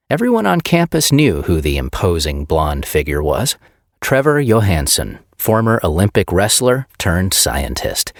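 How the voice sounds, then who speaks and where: A man narrating a science fiction audiobook with expressive storytelling. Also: deep voice, no room sound, studio quality. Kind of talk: scripted narration.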